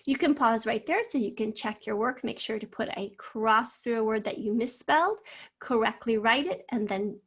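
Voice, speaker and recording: A woman teacher dictating a spelling test and going over the answers syllable by syllable, slowly and carefully. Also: fairly high pitch, fairly bright tone, husky. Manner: slow, careful word-by-word dictation. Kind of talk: spelling lesson for children.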